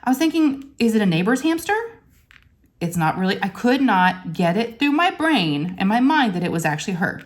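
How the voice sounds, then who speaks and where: A woman vlogger telling a story in a chatty, animated way, full of "I'm like" asides. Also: medium pitch, brisk, hardly any pauses. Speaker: crafting vlogger. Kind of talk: casual storytelling vlog.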